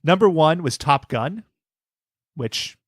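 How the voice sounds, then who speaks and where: A man's voice: a little high, animated, slow, no room sound, studio quality. A man co-hosting a podcast, chatting casually with wry jokes and puns. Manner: wry, jokey, fond of puns. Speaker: podcast co-host. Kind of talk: casual chat.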